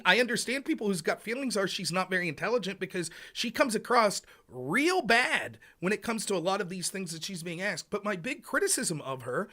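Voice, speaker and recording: A man hosting a political livestream, talking casually and acting out quotes in other voices. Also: high-pitched. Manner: animated, loose and casual, acts out quotes. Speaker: livestream host. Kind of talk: political talk.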